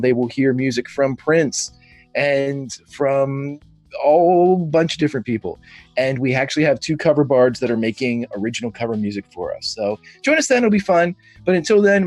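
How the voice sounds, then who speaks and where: A man's voice: fairly high pitch, darkish tone, no echo. Upbeat man plugging his shows. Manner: laughing, upbeat plugs. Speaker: tabletop game player. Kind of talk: casual wrap-up chat.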